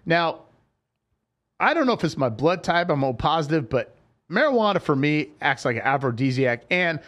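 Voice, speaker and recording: A man's voice: fairly high pitch, sing-song, moderate pace, a bit bright. A man hosting a casual podcast chat, telling stories animatedly with frequent stumbling restarts.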